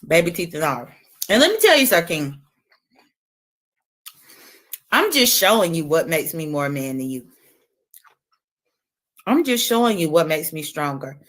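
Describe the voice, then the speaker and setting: A woman's voice: low voice, normal speed, long pauses. A woman livestreamer talking casually and brashly, taunting and cursing while she eats a lemon on stream. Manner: animated, talks while eating a lemon. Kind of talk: casual livestream trash talk.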